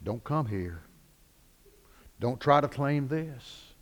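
Brief: territorial devil, low and slow, put on by a male preacher. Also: expressive. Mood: menacing. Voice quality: low, menacing. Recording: echoey hall.

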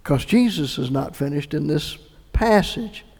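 A middle-aged man preaching a sermon and telling his own conversion story, earnest and moving between hushed recollection and emphatic appeals. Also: fairly high pitch, animated, unhurried, gravelly. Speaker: pastor. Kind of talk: sermon with personal testimony. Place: church sanctuary. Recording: echoey hall reverb.

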